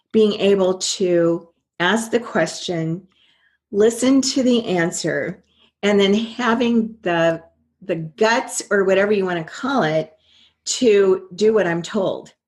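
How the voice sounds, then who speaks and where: An older woman, a guest in an interview, telling her story earnestly and quoting her own past thoughts. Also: mid-range voice.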